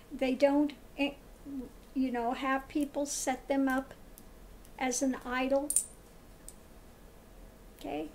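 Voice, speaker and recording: A woman's voice: high-pitched, a little mellow, slight background noise. A woman giving a spiritual commentary monologue, emphatic and scornful, who repeats her points and asks "okay?" often. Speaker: tarot reader and spiritual commentator.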